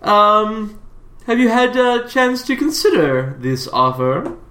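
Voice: mid-range voice, animated, slow, noisy background. A game master voicing a flamboyant male thieves' guild boss who talks in a suave, theatrical way. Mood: smooth, pleased. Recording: roomy echo.

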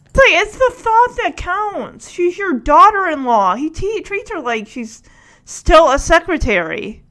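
A woman gives casual reaction commentary on a show she's been watching, speaking at a measured pace. Her high voice swoops animatedly, and she chats freely and laughs often as she retells scenes.

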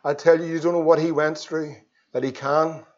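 A man preaching an evangelistic sermon, swinging between loud pleas and hushed tones. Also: a little high, flat delivery, moderate pace. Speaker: pastor. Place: church. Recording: dull lo-fi sermon recording.

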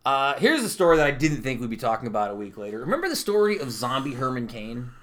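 A man's voice: mid-range voice, quick pace. A man co-hosting a podcast, chatting casually and often laughing as he reads out news stories. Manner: animated, laughs often while reading news. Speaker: podcast co-host. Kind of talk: casual chat.

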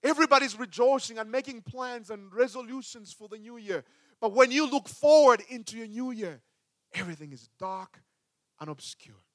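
A man preaching a sermon as a pastor, with emphatic delivery that swings between loud and hushed. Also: extremely high pitch, lively intonation, normal speed, no room sound, clean studio sound.

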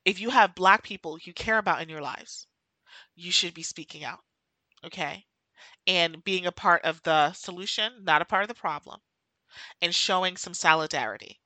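A woman hosts her own podcast in an emotional, impassioned monologue, emphatically repeating key phrases to drive her points home. Her lowish voice is pushed and bright at a moderate pace, though the dry recording has poor audio.

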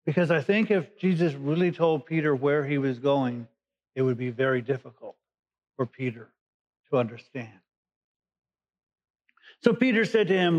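In a dull, lo-fi recording, a male pastor with a mid-range voice delivers a conversational sermon at a moderate pace, with lively intonation and long pauses. He teaches from the Bible by paraphrasing scripture in everyday words.

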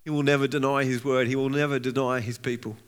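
A man's voice: medium pitch, flat delivery, quick pace, smooth. A man preaching a sermon as a pastor, earnest and heartfelt, reading scripture aloud with rising intensity and often restarting his words. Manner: frequent restarts and repeated words.

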